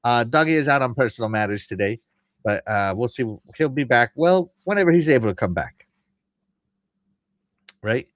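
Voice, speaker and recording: A man's voice: medium pitch, lively intonation, moderate pace, pauses often, no room sound, clean studio sound. A man hosting a podcast, casually chatting and reading chat messages aloud with frequent laughter. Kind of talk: casual live-stream chat.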